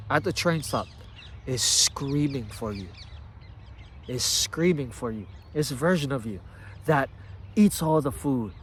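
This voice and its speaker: A man's voice: a little high, a little hiss or hum. Emphatic man with a raised voice giving a motivational talk. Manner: emphatic, repetitive, profane. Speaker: fitness motivational creator. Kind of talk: motivational monologue.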